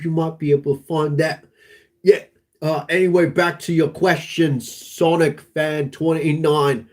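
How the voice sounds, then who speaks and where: A man streaming live, chatting casually in a rambling, halting way full of restarts. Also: medium pitch, darkish tone. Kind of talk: casual livestream chat.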